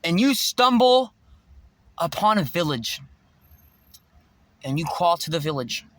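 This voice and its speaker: Intense preachy male vlogger, high and very animated delivery. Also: takes it slowly. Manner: intense, preachy, swears freely. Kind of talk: rambling spiritual monologue.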